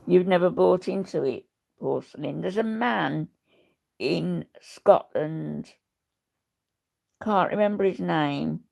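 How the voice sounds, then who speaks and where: Woman, 70s, livestream host; low gravelly voice, blunt rambling chatter. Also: takes it slowly, pauses often, darkish tone. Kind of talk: casual livestream chat, reading viewer comments.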